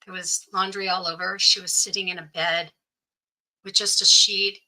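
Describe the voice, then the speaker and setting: A woman's voice: lowish voice, level tone, moderate pace, sharp tone, low-quality recording. A middle-aged woman, a guest in an interview, telling a personal story and acting out what each person said. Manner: recounts events by acting out quoted dialogue.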